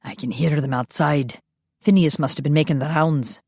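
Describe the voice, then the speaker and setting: Woman doing a protective vampire guard, low, terse, firm orders. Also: normal speed, darkish tone, breathy edge, dry recording, studio quality.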